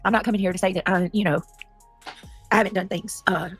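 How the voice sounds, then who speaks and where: A woman's voice: medium pitch, fairly even intonation, quick pace, breathy edge. Woman, livestream host, emotional, defensive, faint background music. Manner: greets chat by name, emotional, defensive. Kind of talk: casual livestream chat.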